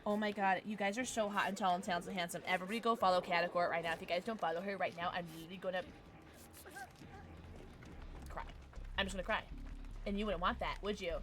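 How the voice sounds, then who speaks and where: A woman's voice: lowish voice, fast, long pauses. A woman streaming a video game live, chatting with her viewers, squealing greetings and swearing casually. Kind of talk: live gaming stream chat. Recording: noisy stream with steady background hiss.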